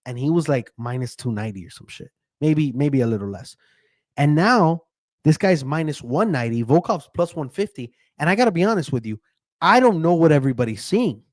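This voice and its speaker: A man's voice: a little high, expressive, fairly quick, a little mellow, dry recording, clean studio sound. A man who handicaps bets, giving a casual, profane fight breakdown and keeps checking in with "right?". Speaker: MMA betting handicapper.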